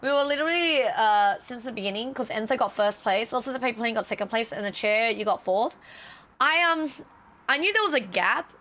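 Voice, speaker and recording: Woman streamer, high and bright voice, animated and sweary, casual chat at a desk mic. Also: a little fast. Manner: animated, swearing, laughing storyteller. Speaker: live streamer.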